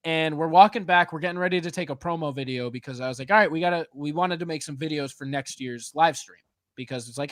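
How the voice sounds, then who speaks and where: A man's voice: fairly high pitch, fast talker, dry recording. A man hosting a podcast in casual chat, telling a story with energy and acting out the people in it. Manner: animated storyteller, laughs often, acts out other people. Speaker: podcast host.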